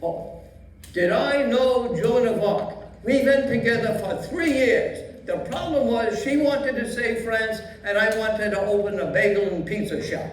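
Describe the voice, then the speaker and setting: A man's voice: extremely high pitch, unhurried, slight background noise. A man playing a wisecracking two-thousand-year-old man with a Yiddish accent, in a live stage comedy sketch. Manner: rambling, name-dropping punchline storyteller. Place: stage in a community venue. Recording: very echoey hall, mic from a distance.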